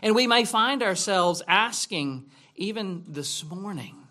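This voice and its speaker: A man's voice: high voice, animated, slow, bright, forceful tone. A man preaching a sermon in a church, asking rhetorical questions in a conversational way. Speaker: pastor.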